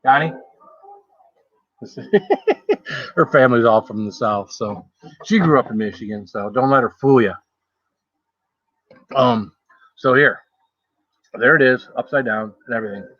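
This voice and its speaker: A man talking casually on a live stream, rambling from one thought to the next and greeting viewers by name. His voice sits at an ordinary pitch and sounds close and dry. The sound is a little dull and lo-fi. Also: lively intonation, measured pace, pauses often, a bit bright, no room sound. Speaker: food challenge livestreamer. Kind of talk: casual live-stream chat while eating.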